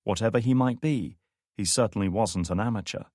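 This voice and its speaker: A man narrating a thriller audiobook in a measured, steady read. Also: on the low side, no echo, clean studio sound. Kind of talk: scripted narration.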